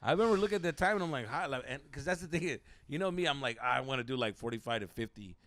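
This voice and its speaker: A young man, a comedian co-hosting a podcast, telling stories in a profane, animated way while hoarse from a lost voice. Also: medium pitch, fast, dry recording. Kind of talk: casual podcast chat.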